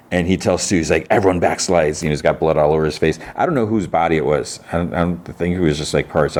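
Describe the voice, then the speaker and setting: A man's voice: very deep voice, a little mellow. A man hosting a podcast, rambling through a casual recap of a TV episode with restarts and the odd laugh. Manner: rambling, with frequent restarts and "he's like" quotes; laughs while telling the story. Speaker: podcast host.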